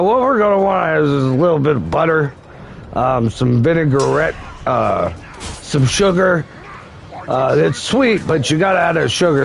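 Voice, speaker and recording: A man's voice: fairly high pitch, vocal fry, slight background noise. A man voicing a chirpy female TV cooking show host in a comic improvised bit, breezy and matter-of-fact. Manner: breezy, matter-of-fact about odd recipes.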